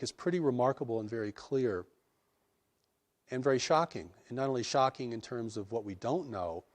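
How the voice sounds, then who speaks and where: Earnest low-voiced man in an interview. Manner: earnest, measured, with frequent restarts. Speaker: interviewee describing spiritual revelations. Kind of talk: reflective interview answers.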